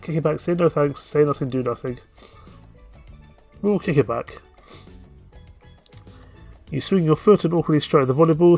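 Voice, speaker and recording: A man playing a dating game on stream, reading its narration aloud and dropping playful, jokey asides. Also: mid-range voice.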